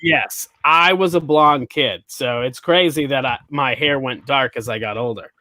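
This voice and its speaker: A man's voice: mid-range voice, a little slow, sharp tone, no echo. A man hosting a comedy podcast, riffing on jokes in casual chat and laughing often.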